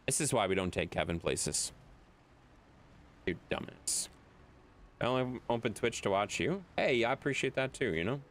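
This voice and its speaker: Male game streamer, mid pitch, animated delivery, reads chat aloud and laughs a lot. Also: moderate pace, pauses often. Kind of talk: casual live-stream chat.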